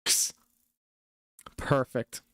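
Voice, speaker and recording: A man's voice: extremely slow, a bit bright, no echo, clean studio sound. A man hosting a live reaction stream, chatting casually, teasing and laughing often. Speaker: stream host reacting to a video.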